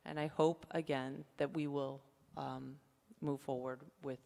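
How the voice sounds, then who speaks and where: A male city councilor speaking earnestly with pauses at a council meeting. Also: mid-range voice, flat delivery, gravelly, dark tone. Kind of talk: council floor remarks. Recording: long reverb of a council chamber.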